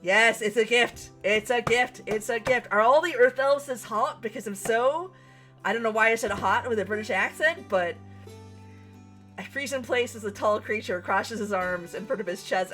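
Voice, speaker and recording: A young woman streaming a visual novel, reading the text aloud and reacting with giggles and animated commentary. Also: fairly high pitch, normal speed, soft background music.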